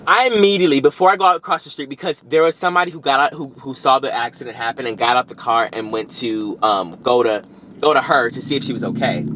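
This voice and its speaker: A young man telling a story on his vlog, rambling and animated, with frequent restarts and self-corrections. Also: mid-range voice. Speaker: vlogger.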